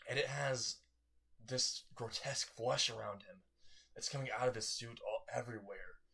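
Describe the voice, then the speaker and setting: A man's voice: mid-range voice, moderate pace, creaky, sharp tone, slightly rough. A man casually narrating a fan story, rambling and correcting himself as he goes.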